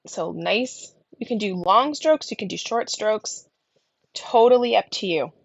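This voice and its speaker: A woman teaching a card-colouring class in casual tutorial narration, her voice gravelly from a lingering cough, often dropping into soft murmurs as she works. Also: medium pitch, animated, unhurried, dry recording, dull audio. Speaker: card-making instructor.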